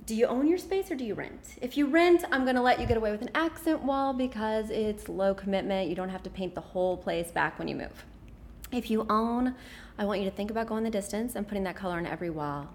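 Woman podcast host, chatty and playful, middle pitch, gives home design advice. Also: quick pace, darkish tone. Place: office.

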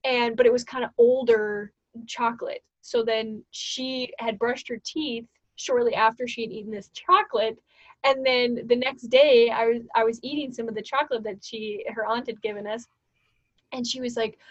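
A woman in her twenties with a slightly high voice tells a story in a loose, chatty way. She acts out the other people's lines with rising energy. The recording is dry and a little lo-fi. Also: moderate pace, no echo. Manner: animated, laughing, acts out quoted voices. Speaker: co-host. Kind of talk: casual storytelling. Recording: dull lo-fi sound.

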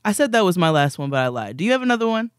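Animated young man telling stories. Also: sits high, racing, smooth, no room sound, studio quality. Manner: animated, rambling, laughs often. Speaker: podcast co-host. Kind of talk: casual storytelling chat.

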